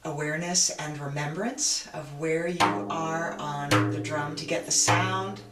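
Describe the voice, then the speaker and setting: Slow-speaking woman teaching drum online. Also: sits low, steady tone, loud music behind the voice. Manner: patient, chatty, thinks aloud. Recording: roomy, distant, loud drumming behind.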